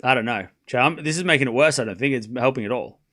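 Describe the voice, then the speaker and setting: Speaking fast in a medium-pitched, somewhat bright voice, a young man provides laid-back watchalong commentary on a live tennis match for his stream. He's chatty and self-deprecating and keeps tripping over the players' names.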